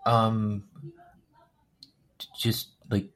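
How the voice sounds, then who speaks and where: A man appearing as a podcast guest who speaks in a hesitant, halting way, with many pauses and ums. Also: on the low side, a bit bright. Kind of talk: casual interview.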